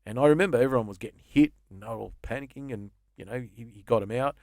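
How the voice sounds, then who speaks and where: A quick-talking Australian man in his fifties tells loose, profane stories as a guest on a casual podcast. His pitch sits in the middle range. The recording is dry and close, with no room sound. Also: creaky, a little mellow, no room sound. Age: 50s. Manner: swearing, rambling storyteller. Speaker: guest comedian.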